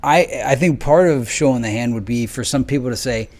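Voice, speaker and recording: A man giving a solo political commentary monologue, rambling and restarting sentences, full of rhetorical questions and drawn-out pauses. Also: mid-range voice, a little mellow. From United States. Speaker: video commentator.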